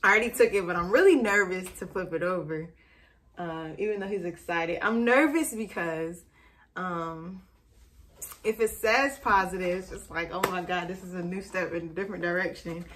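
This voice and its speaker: A young woman vlogging casually to camera at home, rambling and excitable, recorded on a camera mic. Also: lowish voice, moderate pace, slight background noise. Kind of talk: casual vlog chat to camera.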